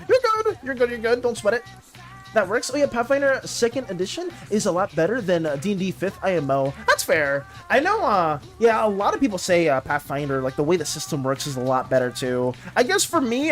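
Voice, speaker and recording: This young adult livestreamer talks in a loose, rambling way and keeps circling back and restarting sentences. The pitch swings widely as they chat, and the voice sits at a middling height. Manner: rambling and animated, many restarts and fillers. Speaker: livestreaming artist chatting with viewers.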